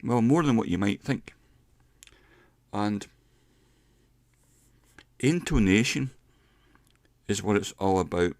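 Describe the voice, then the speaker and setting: A middle-aged man giving a casual pronunciation lesson, explaining step by step and slowing down to demonstrate sounds. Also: fairly low pitch, expressive, no echo. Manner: unhurried, explains step by step with slowed demonstration words. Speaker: English pronunciation teacher.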